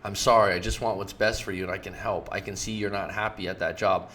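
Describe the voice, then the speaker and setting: A man's voice: low-pitched, steady tone, fast talker, pushed and bright, a little hiss or hum. A man playing a pushy boyfriend who keeps offering help, eager and insistent. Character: pushy, helpful-acting boyfriend.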